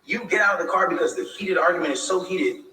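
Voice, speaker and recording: Man, bright higher voice, defensive long explanation, echoey room, far from the mic. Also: quick pace. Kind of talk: livestream monologue.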